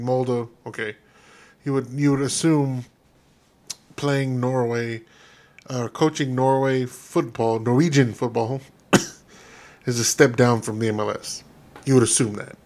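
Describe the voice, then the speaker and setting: A man's voice: mid-range voice, fairly even intonation, unhurried, long pauses, a little mellow. A man co-hosting a fan podcast, ranting in a heated, profane, emphatic way. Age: adult. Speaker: podcast co-host.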